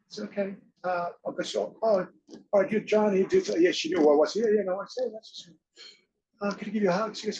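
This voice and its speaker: A man's voice: high-pitched, animated, fast, a little mellow, a little hiss or hum, rough recording. Chatty middle-aged Australian man. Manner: rambling, laughing, acts out other people's lines. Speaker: interview guest. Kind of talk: animated anecdote telling.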